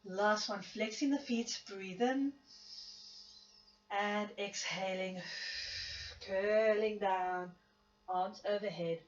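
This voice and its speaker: A woman teaching a Pilates class after an illness, giving gentle step-by-step cues with a coughing spell now and then and some self-mocking laughter. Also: mid-range voice, slow, long pauses, echoey room, lo-fi sound, slight background noise. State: recovering from illness, coughing at times. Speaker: Pilates instructor. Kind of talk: guided exercise class cueing.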